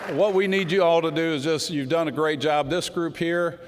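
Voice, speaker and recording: A man's voice: fairly high pitch, steady tone, normal speed, noisy background. A middle-aged man giving a folksy, unscripted political speech, telling stories to a crowd. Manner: folksy, storytelling, says y'all. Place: large hall before a crowd. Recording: hall reverb with crowd.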